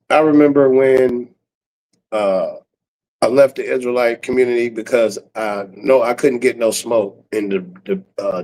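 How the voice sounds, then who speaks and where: A man's voice: medium pitch, warm tone, poor audio. A man YouTuber talking in a casual rambling monologue, full of street slang, chuckles and trailing fillers.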